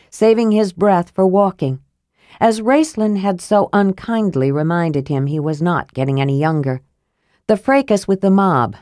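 A woman with a lower-pitched voice reads a fantasy novel aloud in a measured, even manner. The recording is dry and close, with no room sound at all. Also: dry recording. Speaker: audiobook narrator. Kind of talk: scripted fantasy narration.

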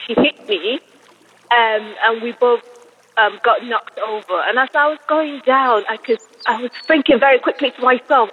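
A woman's voice: a little high, moderate pace, slightly rough, lo-fi sound. A woman, calling in and telling a story in a chatty way with many fillers. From England. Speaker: caller. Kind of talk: recorded voicemail to a podcast.

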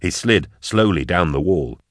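A man giving steady, measured scripted narration of an audiobook. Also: low voice, no room sound, studio quality.

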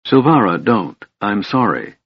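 A man's voice: on the low side, big pitch swings, a little slow, gravelly, breathy edge, no echo, full character voice. A man voicing an anguished young male elf, earnest and pleading, on a dull dry recording.

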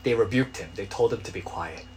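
A male pastor preaching a sermon in a conversational way, building to loud, pleading cries. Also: lowish voice, a little fast, slight background noise.

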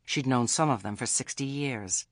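A mid-range male voice carries this audiobook, delivering scripted narration with measured expressiveness. It's studio quality, free of echo.

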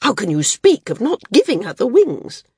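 A fierce woman flyer, indignant and forceful, protesting an unfair ruling in a storybook reading, as a woman reads her. Her voice is husky and low, dry and close. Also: sing-song, takes it slowly, no echo, exaggerated voice.

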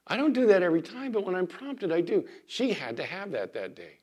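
A man, a pastor, giving a sermon in church, telling everyday stories in a conversational way with lively emphasis. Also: fairly high pitch, moderate pace, hardly any pauses, slightly rough. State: recovering from illness.

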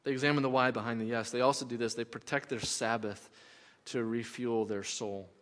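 A man's voice: mid-range voice, fairly even intonation, a little fast, a bit bright. A middle-aged man, a pastor, preaching a sermon in a conversational way, repeating key phrases for emphasis. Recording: long hall reverb.

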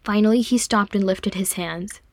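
A woman reading a fan fiction story aloud in an even storytelling manner. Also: medium pitch, normal speed, no room sound. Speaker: audiobook reader. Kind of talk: fan fiction audiobook narration.

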